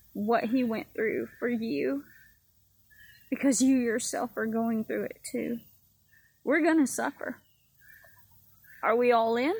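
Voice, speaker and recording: A woman's voice: fairly high pitch, gravelly, darkish tone, slight background noise, rough recording. A woman giving a personal testimony sermon in an earnest, repetitive preaching cadence. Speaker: ministry speaker.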